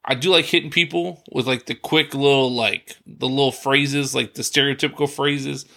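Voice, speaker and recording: A man's voice: medium pitch, steady tone, normal speed, gravelly, pushed and bright. A man co-hosting a podcast, chatting casually in a rambling, laid-back way and laughing often. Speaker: podcast co-host. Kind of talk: casual chat.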